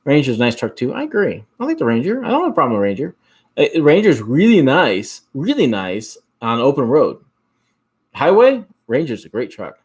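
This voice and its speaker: This is a man with an Upper Midwest accent hosting a relaxed livestream and reading viewer comments aloud. His pitch moves around a lot. He rambles, repeats himself and often stops to restart his words. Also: normal speed, breathy edge. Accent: Upper Midwest American. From Michigan. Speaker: host.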